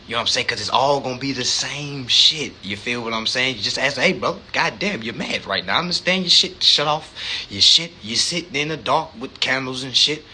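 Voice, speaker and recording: A man hosting a live stream, giving a profane, animated monologue full of street slang, repeated words and rhetorical questions. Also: medium pitch, a little fast, slight background noise. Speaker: livestream host.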